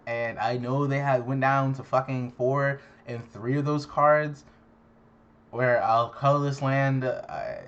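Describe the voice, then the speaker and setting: A man's voice: mid-range voice, fairly bright tone. Profane exasperated young man, lo-fi. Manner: profane, exasperated, self-mocking. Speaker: card game content creator. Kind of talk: casual tournament recap.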